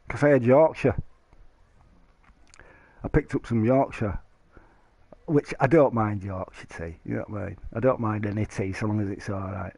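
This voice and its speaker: A man's voice: on the low side, moderate pace, gravelly, pauses often, a little mellow, breathy edge, no echo. A man chatting casually to stream viewers, rambling and joking, laughing often. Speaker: live streamer.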